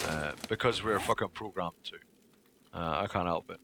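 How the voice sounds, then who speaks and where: A man's voice: low voice, normal speed, background noise. A man livestreaming a game, chatting casually to his viewers in a profane, rambling way. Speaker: livestreaming gamer. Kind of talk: casual chat while playing a game.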